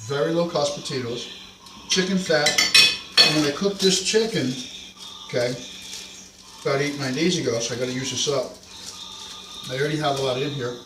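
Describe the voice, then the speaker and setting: A man's voice: on the high side, heavy background noise. A middle-aged man with a North Jersey accent, rambling through stories while cooking at home for a casual vlog. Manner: rambling, digressive storytelling. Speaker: home cook vlogger. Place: home kitchen. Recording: echoey kitchen, mic far off, clattering dishes.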